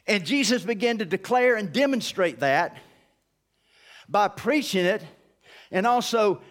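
A man from the United States preaching a sermon in a folksy, animated way, acting out bits of dialogue and dropping to a low hush for emphasis. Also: a little slow. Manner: drops to a low hushed voice for emphasis. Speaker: pastor.

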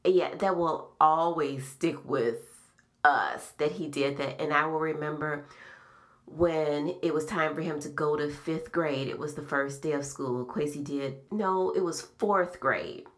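A middle-aged woman hosting a podcast, telling personal memories in a slow, soft-spoken, reflective way. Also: low voice. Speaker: podcast host. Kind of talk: casual heartfelt conversation.

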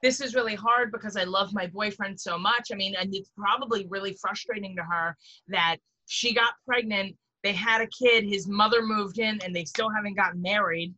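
Bright animated woman guest. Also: mid-range voice, normal speed, hardly any pauses, lo-fi sound. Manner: animated, acts out quotes. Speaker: guest comedian. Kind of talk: casual comedy podcast chat.

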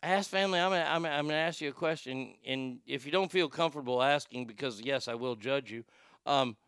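A man hosting a comedic podcast, reading stories and ranting, with sudden loud outbursts and quiet muttered asides. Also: medium pitch, fairly quick, clean tone, no room sound, clean studio sound. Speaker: show host.

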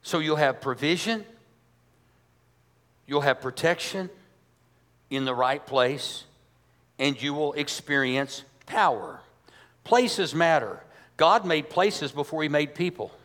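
A man's voice: on the high side, lively intonation, slow pace, pauses often, fairly bright tone. A man, a pastor, preaching a sermon in a church, emphatic and conversational, asking his congregation rhetorical questions. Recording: long hall reverb.

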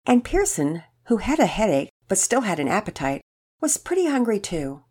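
A woman reading a children's story aloud in an expressive, storytelling way. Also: medium pitch, normal speed, slightly rough.

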